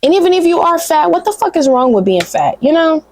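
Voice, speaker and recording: A woman's voice: extremely high pitch, very animated, brisk, darkish tone, a little hiss or hum. A young woman, giving a blunt, profane, sisterly pep talk straight to camera in a casual vlog. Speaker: vlogger.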